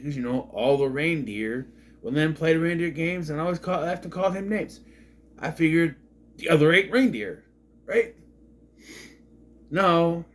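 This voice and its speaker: A man reviews a movie in a loose, rambling way, blunt and sarcastic, trailing off into asides. His voice sits a little higher than most men's. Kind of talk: casual video review.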